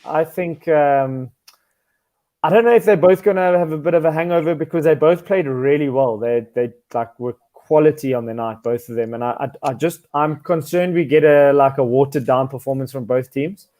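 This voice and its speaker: Man, medium voice, casual football chat, relaxed, says like a lot. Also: fairly high pitch, moderate pace. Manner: relaxed, uses bro and like. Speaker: football podcast panelist.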